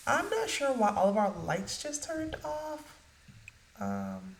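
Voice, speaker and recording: A woman's voice: fairly high pitch, expressive, takes it slowly, creaky, slight background noise. A woman casually narrating her gameplay, chatting directly to her viewers. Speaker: let's play narrator. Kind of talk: casual game commentary. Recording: echoey room.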